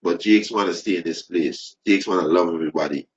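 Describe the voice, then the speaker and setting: A man preaching fervently, repeating phrases, restarting sentences and rising into loud emphasis. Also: low voice, a little fast. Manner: repetitive, stumbling restarts, rising to shouted emphasis. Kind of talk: impassioned preaching. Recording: dull lo-fi recording.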